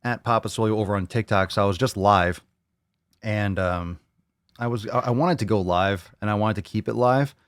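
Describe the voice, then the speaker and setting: Man, podcast host, brash joking hype talk, low voice, dry close sound. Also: moderate pace, clean tone, dry recording. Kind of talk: casual livestream podcast.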